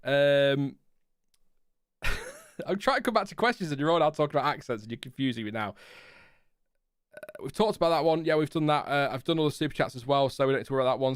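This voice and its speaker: Man, 30s, casual live-stream host, rambling, self-deprecating, smooth clear voice, dry close mic. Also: mid-range voice, expressive, brisk, pauses often, no echo. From Lincolnshire, England. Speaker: F1 channel host. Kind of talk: casual live-stream chat answering viewers.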